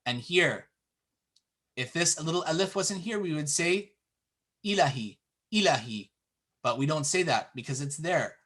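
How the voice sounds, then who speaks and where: A man teaching a classroom lesson, explaining patiently and drawing out example words slowly. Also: on the high side, animated, a bit bright. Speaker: Arabic teacher.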